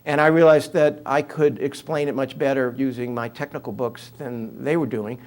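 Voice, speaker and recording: A man's voice: mid-range voice, fairly even intonation, moderate pace, darkish tone. A man in his seventies with a New York accent, telling humorous stories as an interview guest. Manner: humorous storyteller, conversational with fillers. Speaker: author and guest speaker. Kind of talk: interview talk, anecdotal.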